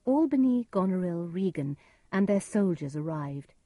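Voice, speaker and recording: Low, husky woman narrating a storybook. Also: animated, moderate pace, mellow, no echo. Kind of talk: storybook narration of a simplified classic.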